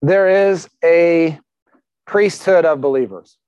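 A man's voice: fairly high pitch, slow pace, a little mellow, clear, resonant tone, dry recording, dull audio. Emphatic, conversational male pastor. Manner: conversational, emphatic with rhetorical questions. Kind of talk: sermon.

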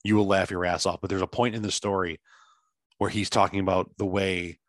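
A man's voice: low-pitched, level tone, a little fast, dry recording. A man in casual chat, telling a long rambling story full of fillers over a video call.

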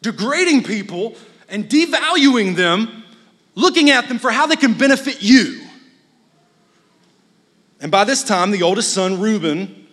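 A man with a high voice delivers a sermon as a guest preacher, casual and blunt with joking asides. His voice carries a long reverb from the hall. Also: a bit bright.

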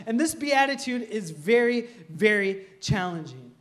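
This Minnesota pastor is a young man whose storytelling sermon is full of humorous anecdotes and laughter. He speaks at a normal speed in a high-pitched, animated, fairly bright voice.

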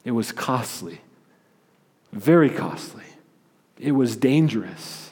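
A male pastor preaching a sermon in an energetic, emphatic way, often restarting his sentences. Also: medium pitch, slow, husky. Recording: long hall reverb.

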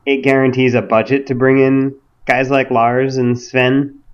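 A man's voice: medium pitch, little pitch movement, a little slow. A man co-hosting a podcast in casual chat, with a wry, dryly teasing manner. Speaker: podcast co-host. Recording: slightly muffled lo-fi recording.

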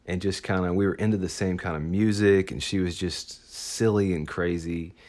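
A man with a very low, deep voice tells a personal story in a loose, chatty way. He gushes with enthusiasm and leans on casual filler words as he goes. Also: fairly even intonation, moderate pace, darkish tone. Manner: enthusiastic, chatty, full of "like" and "awesome".

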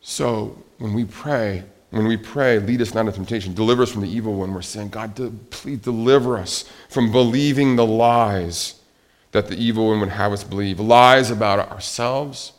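A middle-aged man preaching a sermon, rising to loud emphatic peaks and dropping to quiet, confessional lows. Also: normal speed. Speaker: pastor.

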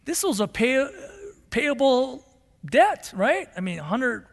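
A male pastor preaching a sermon in a church, telling the story in an animated way and acting out the characters. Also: very high voice, takes it slowly, vocal fry. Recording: long hall reverb.

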